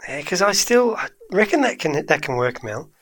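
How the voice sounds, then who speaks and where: A man's voice: fairly high pitch, big pitch swings, moderate pace, a bit bright, no echo. A man co-hosting a podcast, teasing and playful in casual chat. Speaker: podcast co-host.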